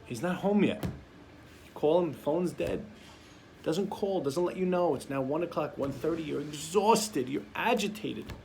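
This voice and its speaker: A man's voice: fairly high pitch, a little slow, gravelly, a little mellow, slight background noise. A man giving a sermon as a rabbi, telling stories and acting out the voices of parents and children. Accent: Sephardic-community American English.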